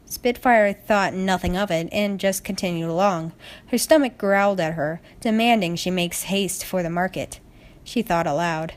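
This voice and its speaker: A woman's voice: medium pitch, normal speed. Woman reading a storybook aloud. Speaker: story reader. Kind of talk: storybook narration.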